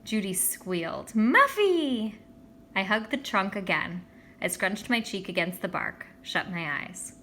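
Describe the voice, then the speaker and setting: A woman's voice: fairly low pitch, measured pace, sharp tone, a little hiss or hum. A woman reading a children's novel aloud, expressively voicing its characters. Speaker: audiobook reader.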